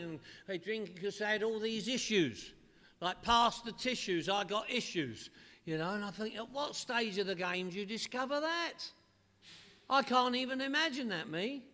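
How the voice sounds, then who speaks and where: Bright-voiced London man, echoey hall. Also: very high voice. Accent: London English. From northwest London. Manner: comic, repetitive punchline storytelling. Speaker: AA speaker. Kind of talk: humorous recovery talk to a meeting. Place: meeting hall.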